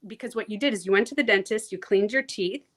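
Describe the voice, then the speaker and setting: A woman coach talking casually in an interview, animated and frank, who swears freely and acts out the voices she quotes. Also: medium pitch, fast. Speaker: transformation coach, guest.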